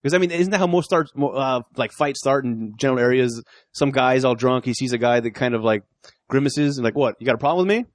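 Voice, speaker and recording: A man talking quickly and loosely in podcast banter, slipping into voices to act out the people in his stories and laughing as he goes. His voice sits mid-range and sounds close and dry, with no room around it. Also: mid-range voice, no echo. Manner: animated, acts out quoted exchanges, laughs often. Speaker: podcast co-host. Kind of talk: casual chat.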